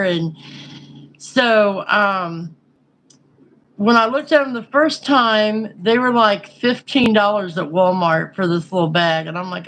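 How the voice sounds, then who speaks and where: A woman's voice: mid-range voice, animated, a little slow, a bit bright, slight background noise, poor audio. A woman chatting casually and frankly, rambling through a story with lots of fillers. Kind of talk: casual chat.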